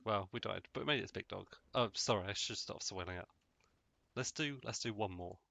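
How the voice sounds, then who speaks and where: A man's voice: lowish voice, normal speed, gravelly, no room sound. A man giving casual, rambling, jokey commentary while playing a video game on a close mic. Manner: rambling, jokey, deadpan asides. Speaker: let's play host.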